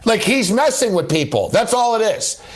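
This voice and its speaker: A man's voice: high voice, sing-song, moderate pace. A man hosting a late-night sports talk radio show, ranting angrily and sarcastically.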